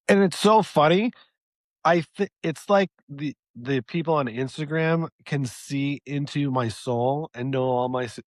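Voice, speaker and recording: A man's voice: mid-range voice, no echo. Forties male co-host, self-deprecating and neurotic, mid voice, dry close sound. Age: 40s. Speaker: podcast co-host. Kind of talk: casual chat.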